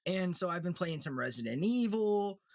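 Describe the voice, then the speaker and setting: A man co-hosting a casual podcast chat, relaxed, laughing often and trailing off into restarts. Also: high voice, normal speed. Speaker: podcast co-host.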